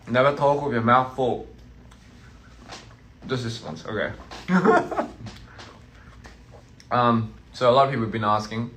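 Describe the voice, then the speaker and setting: A man's voice: mid-range voice, measured pace, long pauses, fairly bright tone, slight background noise. A man chatting casually on a phone live stream, playful and teasing, as a touring artist talking to his fans.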